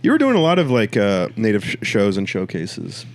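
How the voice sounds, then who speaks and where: A man co-hosting a comedy podcast with a lively voice that swings up and down. He swears freely and drops into joke voices at any moment. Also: fairly low pitch, moderate pace. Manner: animated, profane, swings into silly bits. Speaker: podcast co-host. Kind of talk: casual podcast chat.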